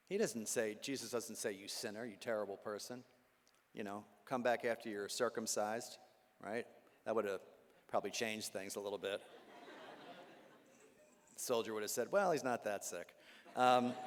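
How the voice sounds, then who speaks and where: A man, a Jesuit priest, giving a talk to a live audience with animated storytelling, humor and asides. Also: fairly low pitch. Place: large hall with live audience. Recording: long hall reverb.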